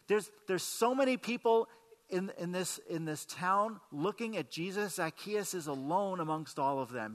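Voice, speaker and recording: With a long hall reverb on the recording, a pastor preaches in a conversational manner and keeps asking the congregation questions. His voice is on the high side and sharp in tone.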